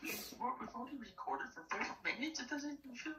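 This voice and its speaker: A man's voice: very high-pitched, animated, a little fast, bright, forceful tone. A man playing a game with a friend, chatting casually and teasing with dry jokes. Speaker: friend and co-player. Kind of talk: casual gaming chat. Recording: roomy, distant, noisy voice chat.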